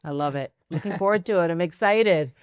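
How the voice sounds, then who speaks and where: American podcast host, measured and reflective, casual interview. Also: medium pitch, smooth, dry recording, faint music behind. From United States. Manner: thoughtful, measured, occasional fillers.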